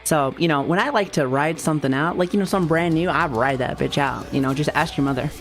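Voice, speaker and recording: A woman's voice: low-pitched, quick pace, slight background noise. A young adult woman chatting casually on a livestream, playful and joking, swearing and greeting viewers. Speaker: streamer.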